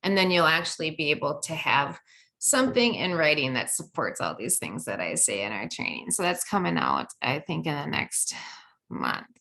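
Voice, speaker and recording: A woman's voice: low-pitched, big pitch swings, normal speed, vocal fry, pushed and bright. A middle-aged woman giving a training presentation, conversational with many fillers and restarts.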